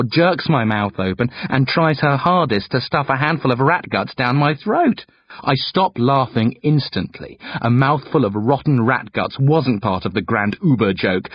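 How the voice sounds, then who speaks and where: A man narrating an audiobook in the first person with a highly expressive, swooping delivery. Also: breathy edge, muffled recording.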